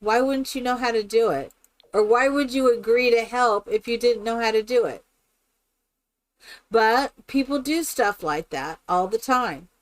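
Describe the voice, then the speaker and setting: A woman's voice: on the high side, measured pace. A woman chatting casually and rambling with many fillers while she builds in a game on a live stream.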